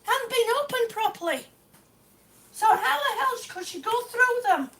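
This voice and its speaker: A woman's voice: very high-pitched, animated, unhurried, bright, forceful tone. A woman live-streaming a complaint about damaged tiles at home, exasperated and sarcastic, swearing now and then. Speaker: vlogger. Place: home, indoors.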